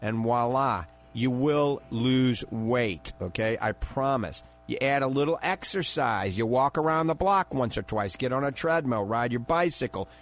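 A man's voice: mid-range voice, lively intonation, a little slow, hardly any pauses. Chatty radio health-show host, man. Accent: New Orleans. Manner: chatty salesman's patter, repeats phone numbers, chuckles. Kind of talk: radio call-in health show with product promotion.

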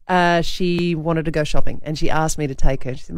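A woman's voice: deep voice, steady tone, a little fast, dry recording. A middle-aged Australian woman hosting a breakfast radio show, telling a self-mocking story with lots of laughter. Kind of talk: casual radio chat, storytelling.

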